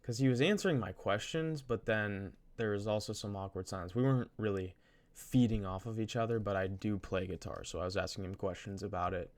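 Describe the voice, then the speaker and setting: A man's voice: fairly low pitch, a little fast, few pauses. A young man casually telling a story from his college day, rambling, restarting his sentences and using slang. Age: young adult. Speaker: vlogger.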